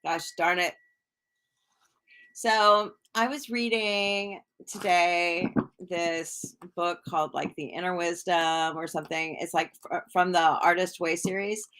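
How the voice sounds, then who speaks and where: Greeting her chat, the woman running this casual livestream rambles along, filler-heavy and chatty, and she also reads tarot. Her voice is lowish, steady, and unhurried, with a fairly bright, clean tone.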